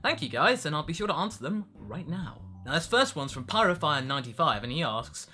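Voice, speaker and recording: A man's voice: fairly high pitch, big pitch swings, fairly quick, pushed and bright, soft background music. A British man, a voice actor, answering fan questions in a casual vlog, chatty and self-mocking. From Britain.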